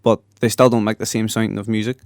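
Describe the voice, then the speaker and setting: Fast-talking Derry man, crisp voice. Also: on the low side, level tone, a little mellow, dry recording, studio quality. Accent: Northern Irish (Derry). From Derry, Northern Ireland. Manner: ends phrases with "lad" and "do you know what I mean". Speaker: guest rapper. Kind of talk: casual interview chat.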